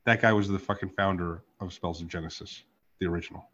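A man's voice: sits low, steady tone, fast, a bit bright. A man hosting a podcast, telling a story in casual chat. He swears freely and acts out both sides of every exchange. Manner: profane, storytelling with reenacted dialogue. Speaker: podcast host. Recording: dull lo-fi podcast audio.

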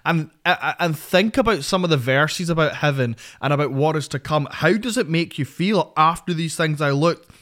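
A young man with a Northern Irish accent, co-hosting a faith podcast in an earnest, soft-spoken way. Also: fairly high pitch, lively intonation, normal speed, few pauses. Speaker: podcast co-host. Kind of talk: casual chat, faith podcast.

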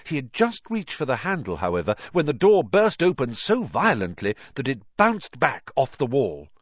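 A man narrating an audiobook in an expressive, dramatic way, on a dull lo-fi recording. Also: mid-range voice, normal speed, no room sound.

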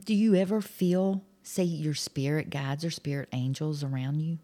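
A woman's voice: low-pitched, normal speed, warm tone. A woman hosting a podcast, asking her guest friendly, curious questions in a casual interview. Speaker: podcast host.

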